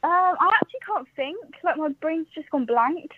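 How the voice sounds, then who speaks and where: A woman's voice: sits high, lively intonation, normal speed, no echo. A sixteen-year-old girl from South Wales calling in to a live stream, nervous and giggly. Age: teens, 16. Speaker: caller. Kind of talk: casual phone call. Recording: dry tinny phone line.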